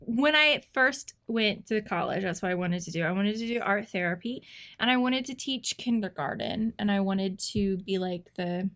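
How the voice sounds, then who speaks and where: A woman's voice: mid-range voice, normal speed, a bit bright. A woman chatting casually as a guest, giggly with dry, understated replies. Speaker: guest, host's wife. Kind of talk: casual chat.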